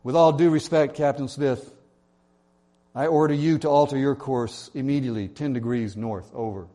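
A preacher acting out a polite young military private, steady and courteous, holding firm. It is told as a sermon illustration. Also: male voice, mid-range voice, normal speed, lightly acted. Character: calm polite male lighthouse keeper private.

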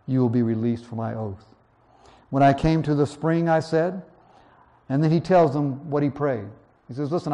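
Guy preaching through a bible passage, warm low-key voice, reads slow then chats it out. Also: highs cut off. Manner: reads verses slowly, then explains conversationally. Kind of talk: verse-by-verse Bible teaching.

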